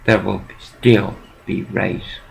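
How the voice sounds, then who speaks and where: A man's voice: low voice, fairly even intonation, takes it slowly, vocal fry, slight background noise, rough recording. A man from Texas, delivering a heated, profane, rambling monologue to the camera.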